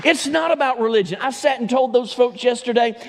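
A man's voice: very high voice, fairly quick, creaky, slight background noise. A man preaching a sermon as pastor. He tells a story, then builds to emphatic preaching. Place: church sanctuary. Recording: long hall reverb.

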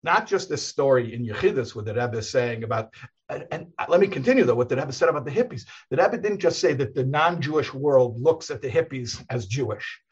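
A male rabbi in relaxed conversation, wandering through anecdotes with frequent restarts and chuckles. His voice is a bit husky, mid-pitched, and the recording sounds somewhat dull and lo-fi. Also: brisk. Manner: rambling storyteller with many restarts and laughs. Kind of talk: casual conversation.

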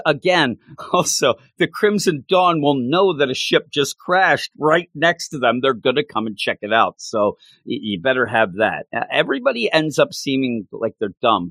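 Brief: lively male co-host, lots of laughter, pitch jumping around, dry mic. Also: moderate pace, dry recording. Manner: animated, laughs often, trails off and restarts. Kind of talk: casual chat.

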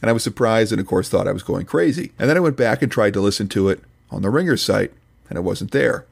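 A man with a low, gravelly voice delivers scripted podcast commentary. His tone is dry and mock-serious, picking at small details with pedantic relish. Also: expressive, fast talker. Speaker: podcast host reviewing another podcast.

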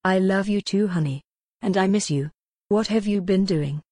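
A woman's voice: medium pitch, normal speed, darkish tone, dry recording, studio quality, close to an everyday voice. A woman reading as an eager husband on the phone. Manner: eager, talkative, later subdued. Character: worried husband away on business, man.

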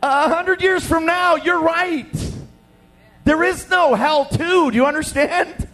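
A young man preaching a sermon, telling stories with lively acted-out voices. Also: extremely high pitch, takes it slowly. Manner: animated storytelling, acts out voices. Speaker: pastor.

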